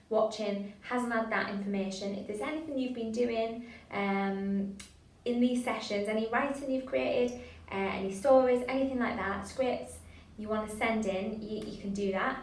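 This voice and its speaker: A woman in the middle of her pitch range leads a drama class in an encouraging, chatty manner, with plenty of fillers. Her voice sounds roomy and set back from the microphone. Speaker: drama workshop leader. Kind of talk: online drama class instruction. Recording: roomy sound from a distance to the mic.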